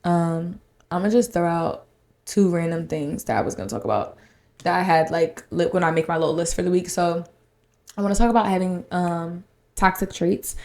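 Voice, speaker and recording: A woman's voice: on the low side, a little mellow. A young woman hosting her own podcast, talking casually and candidly with lots of "like" fillers and a lilt. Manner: rambling, frequent "like" fillers, candid and emotional. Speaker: podcast host. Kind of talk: casual solo podcast chat.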